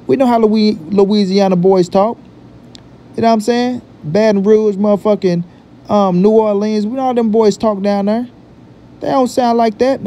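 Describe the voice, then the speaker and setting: A man hosting a boxing vlog talks in a high but dark, mellow voice. He repeats his points emphatically and drops profane street slang. Faint noise sits behind him. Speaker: boxing commentary vlogger. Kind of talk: casual opinion talk.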